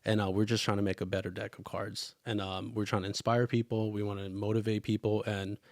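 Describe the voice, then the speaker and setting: A young man hosting a podcast, telling his life story in an earnest, halting way that turns emotional. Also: lowish voice, level tone, darkish tone, dry recording, studio quality. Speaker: podcast host. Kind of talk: casual chat.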